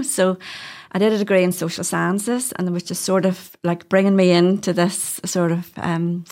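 This podcast guest is a middle-aged doula from Northern Ireland who speaks with a Northern Irish accent, chatting casually about her story and laughing frequently. She has a fairly low, darkish voice with fairly even intonation and a moderate pace.

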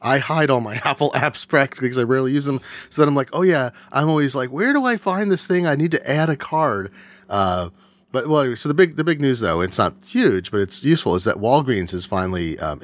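A man's voice: mid-range voice, a bit bright. A man co-hosting a tech podcast in casual chat, rambling with jokey asides.

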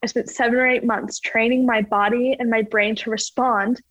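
A woman ski jumper, appearing as a guest, answers interview questions chattily and casually, full of "like" and "you know." Her fairly high voice is steady and a bit bright at a moderate pace, with no echo and slightly dull lo-fi sound.

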